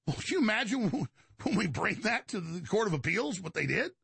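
A man's voice: sits high, very animated, a little fast, gravelly, bright, forceful tone, breathy edge, no room sound. A male show host in an agitated, emphatic monologue, rambling and restarting his sentences. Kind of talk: heated monologue.

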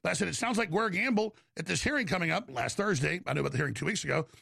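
A middle-aged man hosting a talk show, telling a long, heated story in a rambling, rapid-fire way. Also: high-pitched, lively intonation, creaky, bright, forceful tone, breathy edge, no echo, studio quality. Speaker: show host.

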